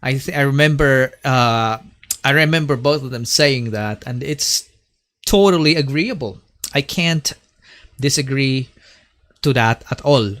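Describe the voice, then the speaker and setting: A man's voice: mid-range voice, measured pace, a bit bright. A man hosting a late-night reaction livestream, chatting casually and mixing in Tagalog words. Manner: chatty, mixes in Tagalog phrases.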